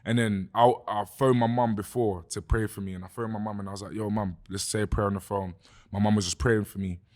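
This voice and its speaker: A man's voice: fairly low pitch, fairly even intonation, fast, a little mellow. A young man with a London accent tells a story in a casual podcast chat. He talks animatedly, swears freely and says "bruv" a lot. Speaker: guest musician.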